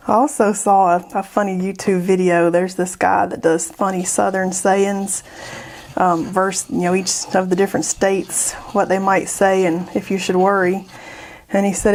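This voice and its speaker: A woman's voice: medium pitch, darkish tone, a little hiss or hum. A woman making an art vlog, chatting and joking as she paints, laughing often and easily. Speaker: art YouTuber.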